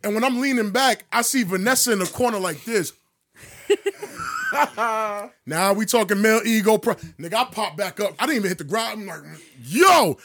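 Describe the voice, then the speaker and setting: A man casually telling a story on a podcast, acting out voices with sudden jumps in pitch and plenty of profane slang. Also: moderate pace, slight background noise. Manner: animated, acts out dialogue with big pitch jumps.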